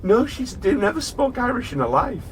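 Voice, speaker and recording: A man's voice: extremely high pitch, very animated, brisk, a little hiss or hum. A man co-hosting a podcast, chatting loosely, swearing freely and laughing easily, then reading a strange story aloud. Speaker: podcast co-host.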